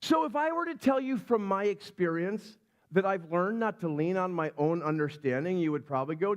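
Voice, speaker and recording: A middle-aged man preaching a sermon as a pastor, telling stories in a chatty, animated way and acting out the people in them. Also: high-pitched, normal speed. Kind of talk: sermon storytelling. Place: church sanctuary.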